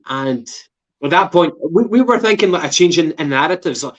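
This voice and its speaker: A man's voice: a little high, lively intonation, normal speed, a bit bright. A Scottish man co-hosting a casual football podcast, rambling with restarts and plenty of swearing. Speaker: podcast co-host. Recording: dull lo-fi sound.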